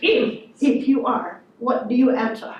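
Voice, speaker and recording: A woman with a high voice tells stories to an audience in a lively, teasing way. She sounds far from the mic, in a hall that rings with strong echo. The sound is dull. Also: a little slow. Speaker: guest speaker. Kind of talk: lecture to an audience.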